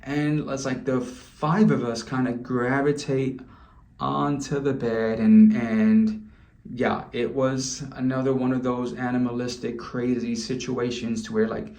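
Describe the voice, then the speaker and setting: A man's voice: medium pitch, measured pace, darkish tone. Chatty man telling a story in a roomy space. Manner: candid and chatty, with loose restarts. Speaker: vlogger. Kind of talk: casual storytelling to camera. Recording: roomy echo.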